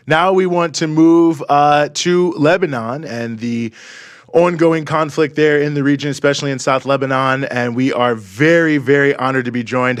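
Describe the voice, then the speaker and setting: A man hosting a political talk show, talking casually with quick asides. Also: a little high, dry recording, studio quality. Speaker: host.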